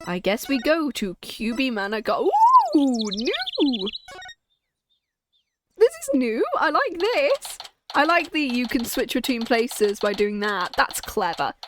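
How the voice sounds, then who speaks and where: A woman's voice: a little high, very animated, slow, a little hiss or hum. Chatty, jokey woman streamer. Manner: chatty, jokey and self-mocking. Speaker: streamer playing a game. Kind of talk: let's play commentary.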